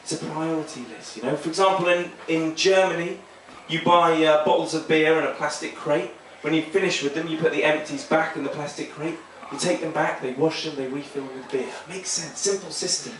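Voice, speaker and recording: A man doing a stand-up comedy set on a small club stage, rambling and self-deprecating with a deadpan delivery. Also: on the high side, fairly quick, hardly any pauses. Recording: echoey club, mic heard from far, noisy.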